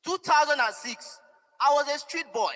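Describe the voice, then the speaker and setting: A man's voice: very high voice, moderate pace, sharp tone, long reverb tail, rough recording. A young man, giving an emotional, pleading and defiant public statement at a press conference. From Nigeria.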